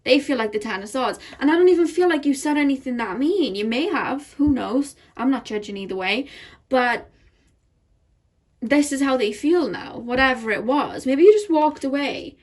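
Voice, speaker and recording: A woman's voice: sits high, expressive, normal speed. Chatty, laughing woman reading tarot. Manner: chatty, laughs often, many fillers like "like" and "you know". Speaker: tarot card reader. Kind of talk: casual pick-a-card tarot reading.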